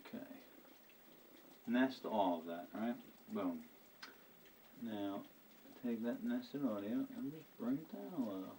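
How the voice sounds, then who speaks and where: A man live streaming while he edits video, talking to himself in an excitable, offhand way. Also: medium pitch, slow pace, pauses often, slight background noise, poor audio. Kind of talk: casual live-stream commentary.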